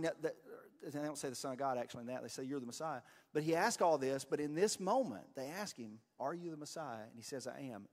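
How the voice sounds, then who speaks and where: Earnest pastor preaching in a reverberant hall. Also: male voice, fairly high pitch. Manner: conversational, earnest, with many fillers. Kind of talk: sermon.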